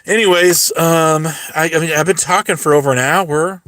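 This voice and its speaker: A man's voice: fairly high pitch, fairly even intonation, moderate pace, fairly bright tone, dry recording. A man in his forties hosting a livestream, ranting sarcastically to his chat, rambling with restarts while his voice runs dry. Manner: sarcastic, mocking, talks straight to chat; rambling with frequent restarts and stumbles. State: voice getting dry. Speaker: livestream host. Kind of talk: casual livestream rant to chat.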